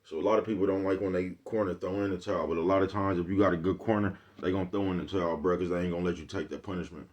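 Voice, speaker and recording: A vlogger with a very low, deep voice gives a casual motivational monologue straight to his viewers, rambling between life lessons. He uses street slang and swearing and keeps asking "you know what I'm talking about." His delivery is racing and fairly even in intonation, with hardly any pauses.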